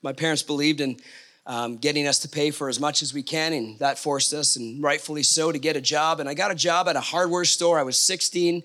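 Middle-aged male speaker, storytelling sermon, somewhat high pitch, lively quoted lines. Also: a little fast. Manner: storytelling, animated asides and acted quotes. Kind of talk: sermon-style personal story.

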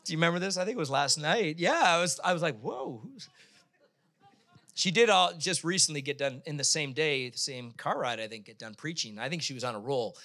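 A man preaching a sermon in a casual, humorous way, sometimes acting out quick voices. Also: on the high side, expressive, bright, forceful tone. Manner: conversational, humorous preaching with sudden bursts of acted voices. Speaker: pastor.

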